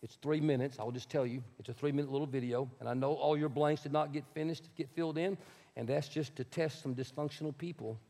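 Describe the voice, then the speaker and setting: A man's voice: on the high side, steady tone, quick pace, warm tone, in a large hall. A male pastor preaching a sermon in a conversational way, with asides to the congregation.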